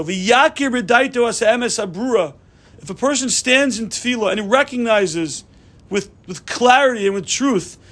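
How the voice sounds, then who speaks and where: A man giving a Torah class, telling stories in an animated way and mixing Hebrew terms into his English. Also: very high voice. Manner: animated storytelling, many restarts, mixes Hebrew terms into English. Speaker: Torah teacher.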